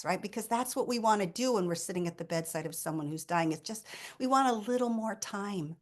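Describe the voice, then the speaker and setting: A woman's voice: medium pitch, lively intonation, brisk. A woman in her fifties, a hospice nurse, telling her own grief story in an earnest, emotional way, often restarting sentences and dropping to a near whisper. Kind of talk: personal talk on grief.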